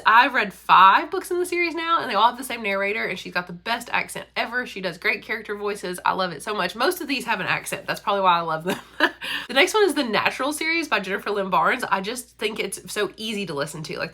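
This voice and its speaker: A woman's voice: mid-range voice, pushed and bright. A woman, chatting casually about books and laughing often. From Kentucky, USA. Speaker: school librarian and book vlogger. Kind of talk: casual chat.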